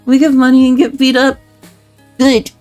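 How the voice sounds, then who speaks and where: A woman's voice: high-pitched, completely flat delivery, moderate pace, a little mellow, dry recording. A woman streamer chatting casually with her viewers, giggly and flustered, swearing often, close to her mic with faint music behind.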